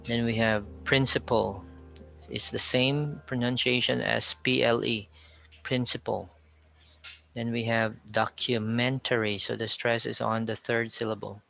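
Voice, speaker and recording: Slow Filipino man, gravelly flat voice. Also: mid-range voice, muffled recording, soft background music. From Philippines. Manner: slow, careful, repeats words for contrast. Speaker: teacher. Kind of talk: pronunciation lesson.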